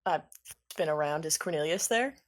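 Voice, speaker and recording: A woman's voice: low voice, animated, normal speed. A woman playing a tabletop game, wry and hesitant with fillers. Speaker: player. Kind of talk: casual tabletop role-play.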